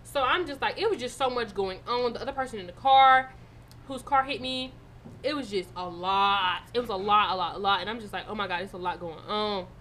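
A young woman co-hosting a podcast, telling a story in a casual way, animated and swearing freely. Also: on the high side, fairly quick, slight background noise. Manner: animated, swearing, loud in retold moments. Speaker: podcast co-host.

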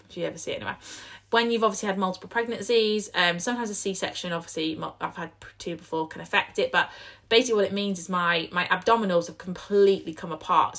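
A young woman, hosting a casual solo podcast, her voice a bit croaky, chatty with lots of fillers and restarts. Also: mid-range voice, a bit bright. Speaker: podcast host.

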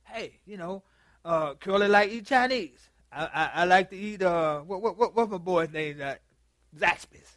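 A man's voice: high-pitched, measured pace, a bit bright, no room sound. A man, a pastor preaching in a chatty, joking way, often stammering and repeating words as he quizzes his congregation in a church meeting room. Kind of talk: conversational sermon with open dialogue.

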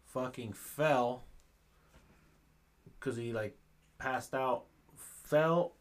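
A man's voice: medium pitch, very slow. Profane storytelling man, casual podcast. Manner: profane, animated storyteller acting out quotes. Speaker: podcast co-host. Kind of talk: casual chat.

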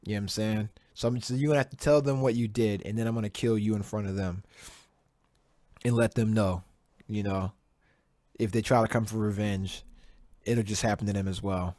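A man's voice: on the low side, steady tone, fairly quick, pauses often, darkish tone, no room sound. A man hosting his own podcast in a casual solo rant, swearing a lot and repeating himself as he works himself up, speaking close to a desk mic. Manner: profane, heated, repeats himself. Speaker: podcast host. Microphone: desk mic, virtual background on video.

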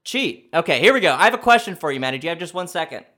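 Animated man quizzing himself aloud. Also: fairly high pitch, very fast. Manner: animated, thinks out loud, swings from shouting to muttering. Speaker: quiz contestant and host. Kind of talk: comedic solo quiz challenge.

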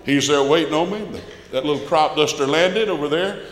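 A man in his sixties with a Georgia Southern accent, telling a personal testimony in church in a folksy storytelling way that swings between loud and hushed. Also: fairly high pitch, normal speed. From South Georgia, USA. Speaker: guest speaker giving a testimony. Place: church sanctuary. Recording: roomy, echoing church hall.

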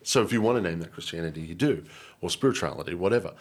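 A man with an Australian accent telling an emotional personal story as an interview guest, earnest and animated, often repeating and restarting his words. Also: low voice, racing, husky.

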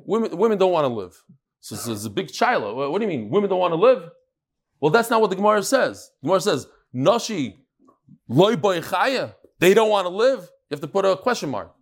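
A man teaching a casual study-group class, chanting lines and then explaining them with restarts and joking asides. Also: high voice. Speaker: Talmud teacher.

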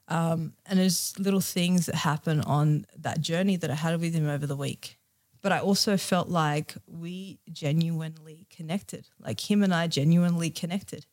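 A woman's voice: low-pitched, fairly even intonation, fairly quick, few pauses, a little mellow. Young aussie woman telling a personal story on a podcast, candid, emotional, lots of likes and ums. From Australia. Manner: candid, emotional, many fillers. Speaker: guest.

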